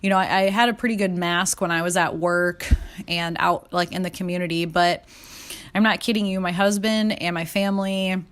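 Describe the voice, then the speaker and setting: A woman's voice: lowish voice, steady tone, moderate pace, fairly bright tone. Candid, chatty woman telling her story. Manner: candid and chatty, many fillers, mild swearing. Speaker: podcast host. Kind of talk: casual personal storytelling.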